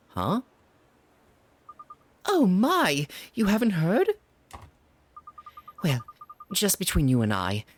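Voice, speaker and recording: A man's voice: high-pitched, voice pushed up, full character voice. A man putting on a gossipy old neighbor lady. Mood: concerned. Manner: gossipy, fussing, pitying.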